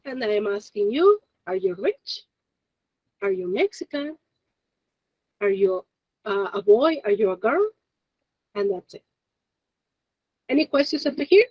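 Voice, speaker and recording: High-voiced woman teaching over a video call. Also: very animated, a little slow, pauses often, dry recording, highs cut off. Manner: encouraging, checks in often with "okay?" and "yes?". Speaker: Japanese teacher. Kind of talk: online class lesson. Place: Japanese language school in Monterrey.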